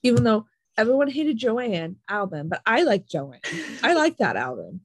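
A young woman tells a story in a loose, animated way, peppering it with "like". Her voice sits a bit high and has a husky edge. The sound is dry and close. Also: normal speed, no room sound, low-quality recording. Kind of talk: casual chat.

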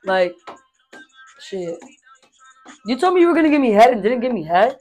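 A woman's voice: a little high, normal speed, soft background music. Blunt, profane woman podcast host. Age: adult with a stepdaughter and son. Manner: blunt, profane, animated storytelling. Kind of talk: casual podcast chat.

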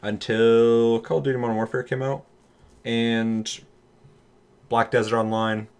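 A man's voice: mid-range voice, little pitch movement, a little slow, clear, resonant tone. A man in casual chat on a gaming podcast, talking animatedly, swearing freely and acting out voices in his stories.

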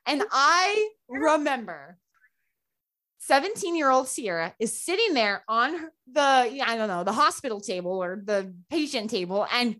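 A woman guest telling a personal story in casual talk, animated and full of "like" fillers, acting out the voices of people she quotes. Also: on the high side, moderate pace. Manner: chatty, frequent "like" fillers. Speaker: podcast guest.

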